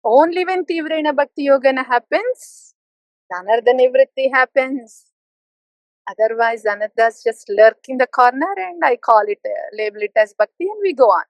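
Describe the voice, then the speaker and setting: A high-pitched woman gives a devotional talk, teasing her listeners and then pressing them to take it seriously. Her voice sounds dry and close, with almost no room in it. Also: moderate pace, no room sound, low-quality recording. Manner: playful, mimics complacent listeners with soft laughs. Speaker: spiritual teacher.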